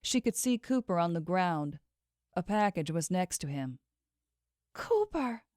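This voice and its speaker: A woman narrating a fantasy romance novel in a measured, expressive storytelling voice. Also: on the low side, dry recording, clean studio sound. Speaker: audiobook narrator. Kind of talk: scripted narration.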